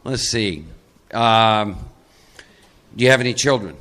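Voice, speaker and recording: Bright-voiced man leading a workshop. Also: on the low side, unhurried. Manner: conversational, coaxing volunteers into role-play. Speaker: recovery workshop speaker. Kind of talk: live workshop talk. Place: meeting room with audience.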